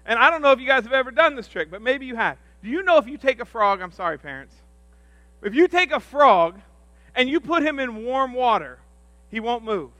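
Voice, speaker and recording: Bright, high-voiced man preaching with jokes. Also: brisk, dry recording. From rural upbringing. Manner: animated, self-deprecating, jokey. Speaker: pastor on church staff. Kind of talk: humorous storytelling sermon.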